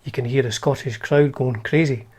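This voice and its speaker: A man's voice: medium pitch, steady tone, moderate pace, husky. A man hosting a guitar channel, chatting casually and wryly through old magazines, with lots of fillers and restarts.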